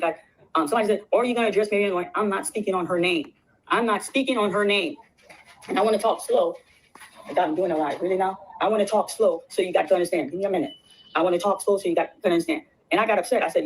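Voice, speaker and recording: A woman telling her side of a settlement story, rushing excitedly and repeating phrases. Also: medium pitch, low-quality recording. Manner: rapid and excitable, repeats herself. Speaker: guest recounting a legal settlement. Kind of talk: casual storytelling on a stream.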